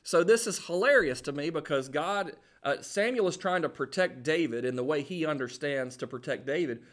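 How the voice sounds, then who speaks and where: Animated, lively preacher man. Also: a little high. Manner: animated, jokey storytelling with acted-out quotes. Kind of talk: sermon.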